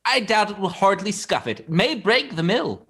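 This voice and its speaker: A man voicing a small, nervous male thief who stammers and flatters a giant in an improvised comedy scene. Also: sits high, moderate pace. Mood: fawning. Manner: stammering, fawning.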